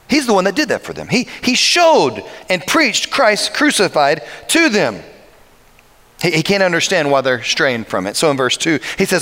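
A male pastor giving a humorous, lively sermon and asking the congregation questions. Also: on the high side, moderate pace, long reverb tail. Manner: humorous, lively, anecdotal preaching with audience questions.

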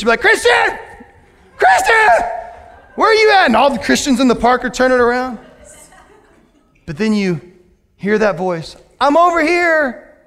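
A man preaching a lively, joking sermon as a pastor to his church, with sudden loud outbursts. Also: high-pitched. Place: church sanctuary. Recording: long hall reverb.

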